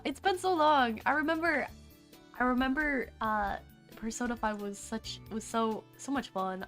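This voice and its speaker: A young woman streaming casually, chatty and excitable, swearing freely, suffering from hiccups. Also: a little high, moderate pace, soft background music. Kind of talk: casual livestream reaction.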